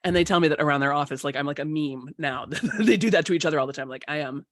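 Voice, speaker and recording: A woman coach hosting a live online workshop, her voice a little rough from a cold, chatting casually and slowing down to guide breathing. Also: low-pitched, dry recording.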